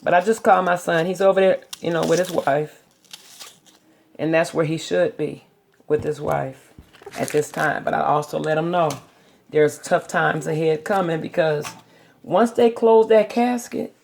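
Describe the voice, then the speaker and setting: Gravelly middle-aged woman chatting. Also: sits low, steady tone, moderate pace, darkish tone, slight background noise. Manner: chatty, rambling storyteller. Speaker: vlogger. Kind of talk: casual chat. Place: home kitchen.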